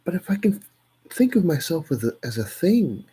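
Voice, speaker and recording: A man's voice: on the high side, sing-song, normal speed, dark tone, breathy edge. A man on a solo stream, reading poems aloud with wry, self-mocking asides that sometimes drop to near-whispers.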